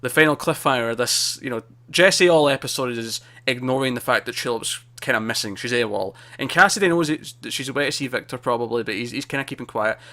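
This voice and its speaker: A man's voice: medium pitch, fast, few pauses, sharp tone. A man co-hosting a casual TV review show, rambling and restarting his sentences as he talks. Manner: rambling, self-interrupting with repeated words. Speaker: podcast co-host.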